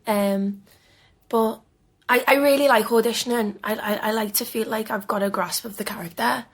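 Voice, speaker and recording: A husky young woman talks in a loose, chatty way as a podcast guest. She restarts her sentences often and laughs easily, her voice slightly breathy. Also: on the high side, fairly even intonation, normal speed. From Liverpool area, England. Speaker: guest actress. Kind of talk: casual interview chat.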